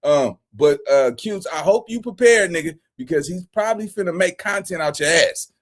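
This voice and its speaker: A man's voice: a little high, expressive, normal speed. A man in his forties hosting a casual reaction commentary, profane and laughing often. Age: 40s. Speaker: commentary channel host.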